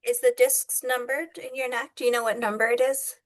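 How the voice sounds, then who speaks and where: A woman's voice: a little high, little pitch movement, brisk. A woman from Southern California interviewing a guest, talking earnestly and repeating phrases for emphasis. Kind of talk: casual conversation.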